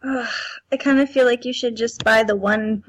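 A woman's voice: fairly high pitch, fairly even intonation, normal speed, slight background noise. A woman in a casual podcast chat, talking hesitantly and anxiously with groaning sighs.

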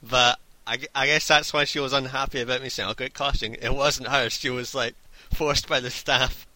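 A man's voice: medium pitch, fairly even intonation, moderate pace, bright, forceful tone, dry recording. A man casually telling a rambling, laughing anecdote and swearing freely.

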